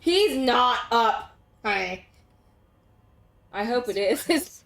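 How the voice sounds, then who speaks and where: An excitable woman giving casual let's-play commentary. Her voice sits on the higher side, and she bursts into gasping exclamations before sinking back into low mutters. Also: drawn-out words, gravelly. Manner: excitable, gasping exclamations, swings between loud outbursts and mutters. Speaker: game streamer.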